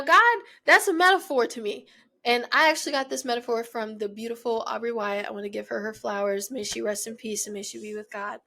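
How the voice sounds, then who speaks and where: A woman's voice: on the high side, a bit bright. Earnest young woman giving faith pep talk. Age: young adult. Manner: earnest, emphatic, repetitive encouragement. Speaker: podcast host. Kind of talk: faith-based motivational chat.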